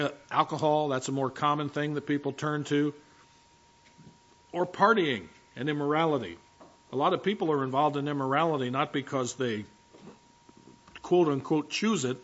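A man preaches as pastor in a church, speaking in a chatty, direct way to the people in front of him. His voice sits at an ordinary middle pitch. The recording is dull and lo-fi. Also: a bit bright. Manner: conversational, addresses the congregation directly. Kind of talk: sermon.

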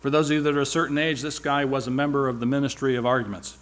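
A man's voice: medium pitch, steady tone, very fast, few pauses, a bit bright. A man speaking at church, giving a rambling, informal sermon-style report with wry asides.

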